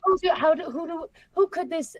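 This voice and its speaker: A woman's voice: very high voice, brisk, a loud crowd, pitched above the performer's own voice. A woman voicing an anxious, earnest young woman in a tabletop role-play, talking hesitantly, with restarts and trailing ends. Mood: worried. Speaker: player voicing a young grandchild character.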